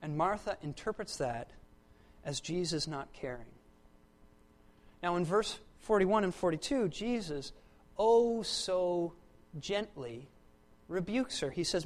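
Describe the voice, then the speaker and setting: Expressive preacher swinging loud to hushed. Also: mid-range voice, slow pace, long pauses. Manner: repeats words for emphasis. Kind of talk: sermon.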